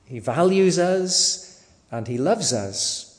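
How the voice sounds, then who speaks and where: Man, preacher, sermon, very slow deliberate delivery, long hall reverb. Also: a little high, expressive.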